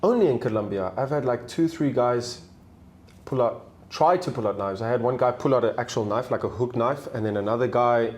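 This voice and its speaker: A young South African travel video maker, appearing as an interview guest, casually tells stories in a mid-range voice at a fairly quick pace. He's animated and acts out the voices of the people in them.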